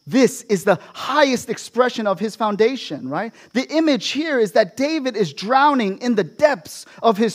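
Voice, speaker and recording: High-voiced man preaching a sermon. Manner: expository preaching with frequent "right?" asides to the congregation. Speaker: pastor.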